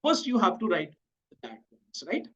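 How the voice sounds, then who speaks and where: Casting note: high-voiced Indian man, exam-prep teacher, code-switching, asks "okay?" a lot, muffled lo-fi sound. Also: huge pitch swings, measured pace, fairly bright tone, slightly rough. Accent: Indian English. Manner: mixes Hindi and English, checks in with "okay?" and "right?". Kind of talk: exam preparation lecture.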